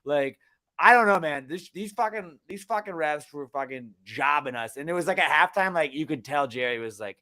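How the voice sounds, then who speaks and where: A young man co-hosting a sports podcast, ranting heatedly and with lots of swearing, jumping between loud outbursts and low muttering. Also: animated, brisk. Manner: heated, profane, swings from shouting to muttering. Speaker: podcast co-host. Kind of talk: casual sports podcast rant.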